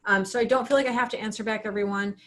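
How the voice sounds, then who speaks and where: A woman's voice: mid-range voice, steady tone, very fast, a bit bright. A woman coaching writers in a casual livestream class, talking frankly and often acting out her own thoughts. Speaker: writing coach teaching an online class.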